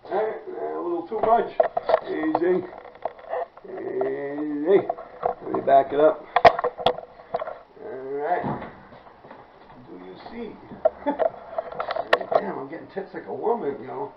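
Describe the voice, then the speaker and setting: High-voiced New York man, profane storytelling. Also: a little slow, vocal fry, pauses often. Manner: profane, laughing, animated street talk. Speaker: graffiti writer telling a story. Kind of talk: casual storytelling to viewers. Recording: echoey, distant, dull with faint noise.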